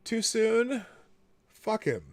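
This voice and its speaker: Male streamer host, animated delivery, sardonic commentary over read-aloud articles, dry sound. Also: high voice, extremely slow, dry recording. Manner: wry, chuckles while reading, frequent asides. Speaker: live-stream show host.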